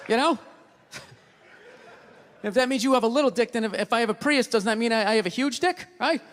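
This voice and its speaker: A man doing a stand-up comedy routine, ranting loudly, swearing and acting out voices in his stories. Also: very high-pitched, a little fast, long reverb tail, a faint crowd.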